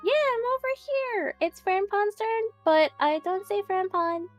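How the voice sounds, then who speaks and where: A woman's voice: extremely high pitch, moderate pace, faint music behind. A woman voicing a cheery little puppet girl in a tabletop game, polite and a bit hesitant. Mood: worried.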